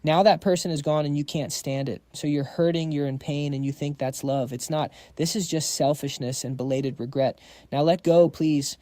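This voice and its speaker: A man voicing a wronged young ex-husband who answers calmly and firmly. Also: on the high side, normal speed, no echo, lightly acted. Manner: calm, firm.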